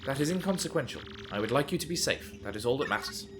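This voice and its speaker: A man voicing a calm, earnest male computer AI of an enemy base, speaking in a formal, measured, subdued way. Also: medium pitch, noisy background, close to an everyday voice. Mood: solemn.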